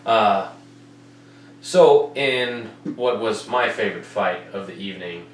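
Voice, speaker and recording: A man's voice: lowish voice, slow pace. A man hosting a casual fight-recap podcast, swearing often and asking "you know what I mean?" over and over. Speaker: podcast host. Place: home room with air conditioner. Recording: roomy, distant mic, faint noise.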